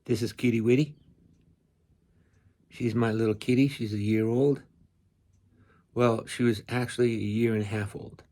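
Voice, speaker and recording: A man's voice: mid-range voice, steady tone, normal speed, pauses often, mellow. A man telling a casual, rambling story about his pets outdoors on his rural property, folksy and full of fillers and restarts. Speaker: cat owner vlogger.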